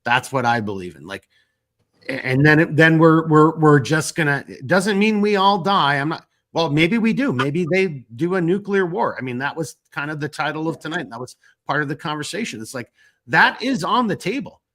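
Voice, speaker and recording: A man's voice: on the high side, expressive, moderate pace, a bit bright. A man hosting a casual late-night chat show, rambling, restarting his sentences and swearing freely. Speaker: podcast host.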